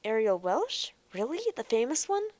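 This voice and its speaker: A woman voicing a defensive, boastful young man in a robot body who is quick to shout. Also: a little high, very animated, dry recording, highs cut off, voice pushed up.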